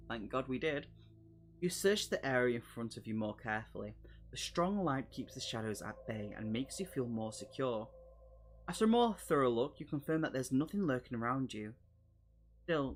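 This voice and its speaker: A man's voice: medium pitch, a little hiss or hum. A man on a live stream, reading a solo gamebook aloud and breaking off for jokey asides and laughs. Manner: chatty and jokey, laughing asides between read passages.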